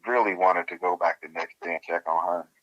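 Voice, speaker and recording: A man, telling his story as an interview guest in a casual, animated way and laughing as he goes. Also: sits low, a little fast, highs cut off.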